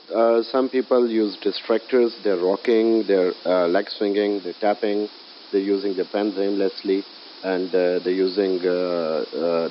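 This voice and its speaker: A man teaching English in a recorded lecture, often pausing with filler sounds as he explains. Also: on the low side. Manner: hesitant, many filler sounds. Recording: dull lo-fi audio with faint hiss.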